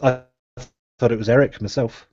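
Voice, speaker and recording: A man's voice: medium pitch, fairly even intonation, moderate pace, mellow, no room sound. A man hosting a live podcast, rambling casually and laughing often. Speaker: podcast host. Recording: dull lo-fi live stream audio.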